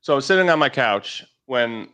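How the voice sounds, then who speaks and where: A man on a talk show telling an expressive, personal story in casual chat. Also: mid-range voice, fairly quick, smooth. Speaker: show regular.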